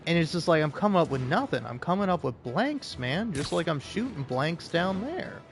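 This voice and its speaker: A young male streamer talks in a slightly high voice, rambling and cursing as he jokes about himself. Faint game music runs behind him. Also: very animated, moderate pace. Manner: rambling, swearing, self-deprecating. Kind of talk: casual livestream chat.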